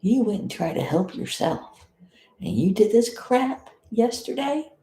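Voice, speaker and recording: A woman's voice: medium pitch, lively intonation, unhurried, warm tone, reverberant. A woman from South Florida giving blunt, indignant live commentary as a vlogger, swearing freely.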